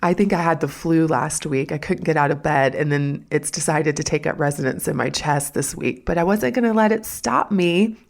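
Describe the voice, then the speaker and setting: A woman hosting a podcast in chatty, upbeat talk, her voice hoarse and gravelly from being ill. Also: sits low, normal speed, few pauses. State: hoarse from illness. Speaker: podcast host.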